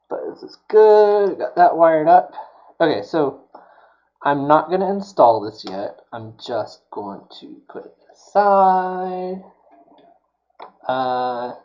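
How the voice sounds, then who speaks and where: A man's voice: medium pitch, lo-fi sound. A man chatting casually while building a prop on a live stream, rambling and full of fillers. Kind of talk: casual chat while working.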